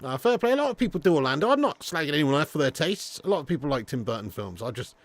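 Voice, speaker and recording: A man's voice: a little high, sing-song, very fast, no room sound. A young man hosting a live football watch-along, blunt and sweary, laughing and reading viewer messages. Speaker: host.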